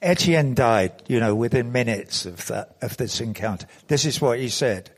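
A man's voice: mid-range voice, lively intonation, normal speed. Rambling man telling a story. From England. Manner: rambling storytelling with self-corrections. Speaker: conference speaker. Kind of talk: anecdotal conference speech. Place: conference hall.

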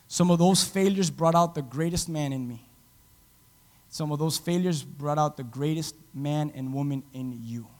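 A man preaching a sermon as pastor, dramatic, swinging from loud to hushed and acting out quotes. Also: on the high side, moderate pace, big-room sound. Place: church.

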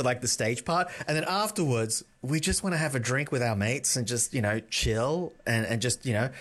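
A middle-aged man co-hosting a comedy podcast, chatting casually in an animated, self-mocking, sweary way. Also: mid-range voice. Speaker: podcast co-host.

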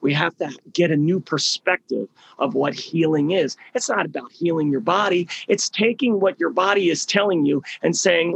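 A man's voice: a little high, normal speed, creaky, few pauses, a bit bright, husky, no echo. A middle-aged man leading a healing program, giving a motivational talk with emphatic storytelling and words repeated for stress.

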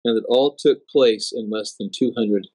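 A man recounting a prophetic dream in a halting, dramatic way, repeating words and slowing for emphasis. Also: mid-range voice, a little mellow, husky. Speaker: dream narrator.

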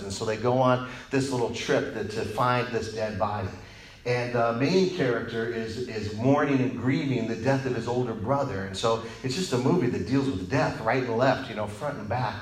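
A man in his forties preaching a sermon, an animated, joking storyteller who drops quiet and low for prayer and grief. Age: 40s. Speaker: pastor. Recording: echoey room sound.

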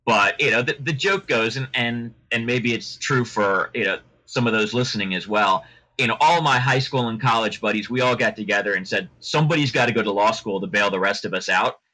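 A middle-aged male lawyer chats as a podcast guest, circling through stories with frequent restarts. His voice has a bright, forceful edge. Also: lowish voice, a little fast, rough recording. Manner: chatty, rambling with many restarts. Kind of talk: casual podcast interview.

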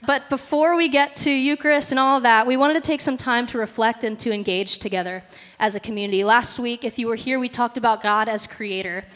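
A woman's voice: a little high, fairly quick, fairly bright tone. A woman leading a church service, talking in a chatty way with fillers. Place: church hall. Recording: reverberant church hall.

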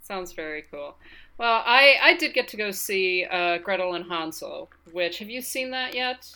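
Bright-voiced woman reviewing films. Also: mid-range voice, expressive, moderate pace, clear, resonant tone. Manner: thoughtful, hesitant with many fillers. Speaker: film podcast host. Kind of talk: casual film review chat.

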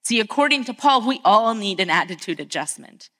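A woman pastor in middle age delivers a relaxed, storytelling sermon. Her voice is bright and forward, and her pitch sits in an ordinary middle range. She now and then plays the people in her stories with quick voices of their own. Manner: storytelling, acts out quoted family voices. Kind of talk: conversational sermon.

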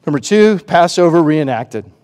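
A man's voice: a little high, expressive, normal speed, darkish tone, in a large hall. A man preaching a sermon, asking the congregation rhetorical questions and acting out the voices he quotes. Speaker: pastor.

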